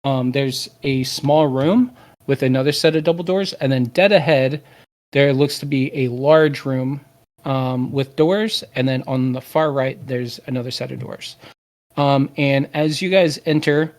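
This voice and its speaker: A man's voice: mid-range voice, fairly even intonation, measured pace, a little mellow. A man narrating as game master, hesitant and full of filler words.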